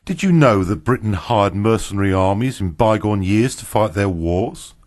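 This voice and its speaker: A man's voice: on the low side, animated, normal speed, a little mellow, no room sound, clean studio sound, natural voice. A man voicing a smug, glib American man who needles others, in a storybook reading.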